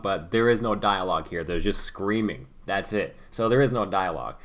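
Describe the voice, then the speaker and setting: A man's voice: on the low side, brisk, few pauses, fairly bright tone. A man giving sarcastic commentary over news clips in a vlog. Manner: sarcastic, mocking. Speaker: political commentary vlogger.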